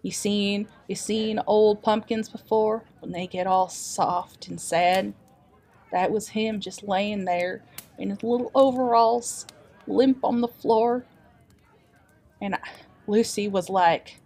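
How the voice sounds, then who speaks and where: A woman plays a folksy traveler with a homespun drawl who tells stories with real drama. The voice sits at an ordinary middle pitch. It is improvised tabletop role-play, loose and conversational. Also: slow, darkish tone. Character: folksy traveling adventurer telling tales. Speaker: player character storyteller.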